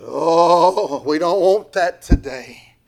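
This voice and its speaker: Gravelly old-time preacher. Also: male voice, fairly high pitch, slow pace. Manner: sing-song, swings from hushed to shouting.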